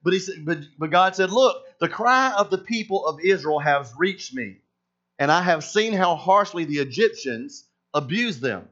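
A man preaching a sermon as pastor, animated and acting out voices of the people in his story. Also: sits high, normal speed. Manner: animated, acts out voices of Moses and God. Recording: dull lo-fi sound.

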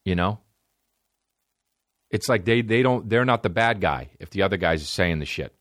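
A man hosting a solo podcast, ranting in a rambling, profane way with big swings in pitch. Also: animated, moderate pace, fairly bright tone, dry recording, clean studio sound. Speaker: podcast host.

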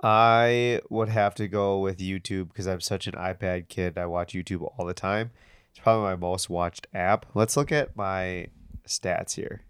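Low-voiced congested man chatting. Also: fairly even intonation, unhurried, clear, resonant tone, no room sound, studio quality. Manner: rambling, filler-heavy. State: stuffed-up nose. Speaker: podcast co-host. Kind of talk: casual chat.

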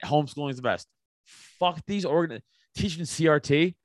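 Blunt, profane American podcast guest. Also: male voice, a little high, moderate pace, no echo. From United States. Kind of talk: casual podcast chat.

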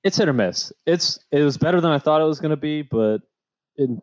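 A man co-hosting a podcast in casual chat, animated and joking, often quoting himself. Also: a little high, brisk, dry recording. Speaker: podcast co-host.

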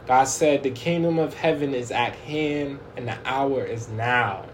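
A man's voice: medium pitch, a little slow, roomy sound, slight background noise. A man preaching an informal online sermon, fervent and direct, often repeating and restarting his words.

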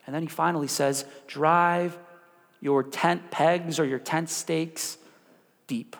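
A man preaching a sermon as pastor, animated, with call-and-response prompts to the congregation. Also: a little high, takes it slowly, in a large hall. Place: church sanctuary.

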